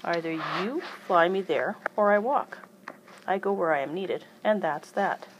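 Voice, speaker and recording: A woman's voice: on the low side, measured pace, background noise, lightly acted. A woman voicing a tiny, determined elderly aunt who talks stubbornly and emphatically. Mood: insistent.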